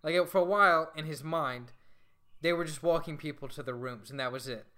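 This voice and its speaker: In an indoor room with others nearby, a man casually retells a comic book plot, swearing plenty and quoting the characters' voices along the way. His voice is a little high, fairly quick, pushed, and bright.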